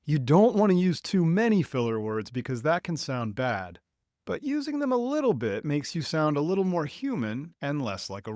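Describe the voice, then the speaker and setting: Slow, lively-voiced man teaching English. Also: a little high, no echo, clean studio sound. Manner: slow, clear, deliberate delivery. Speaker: podcast host and English teacher. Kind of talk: scripted lesson for learners.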